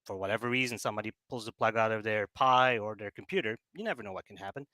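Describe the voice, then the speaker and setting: Speaking fast in a lowish, pushed and bright voice, a man explains things on a remote call with no room sound. He's the guest, a project business developer, chatting casually and filling his speech with fillers and restarts.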